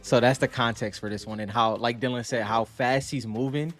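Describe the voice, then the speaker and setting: A man's voice: mid-range voice, steady tone, fairly quick, a bit bright, soft background music. A man co-hosting a casual card chat, easygoing and slangy, talking straight to viewers. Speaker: co-host.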